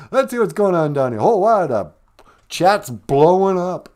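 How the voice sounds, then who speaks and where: A man's voice: sits high, sing-song, unhurried, a little mellow. A man hosting a casual live stream, joking and teasing in a playful way.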